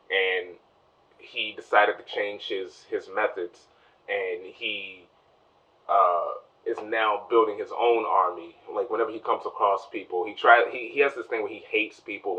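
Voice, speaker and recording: A man's voice: fairly low pitch, bright, forceful tone, recorded from a distance, muffled recording. A man giving a casual spoiler review of a TV show, rambling through the plot and acting out the characters' lines. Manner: rambling recap, acts out characters' lines in quick voices.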